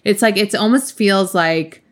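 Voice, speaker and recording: Chatting casually as a podcast co-host, a young woman rambles and fills her speech with fillers. Her voice sits in the mid range, and she talks at a measured pace.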